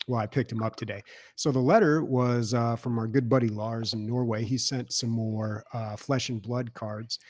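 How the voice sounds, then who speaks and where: A man co-hosting a gaming podcast, giving shout-outs and news in a relaxed way, with many pauses and "uh"s. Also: mid-range voice, no room sound, clean studio sound. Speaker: podcast co-host. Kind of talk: casual podcast announcements.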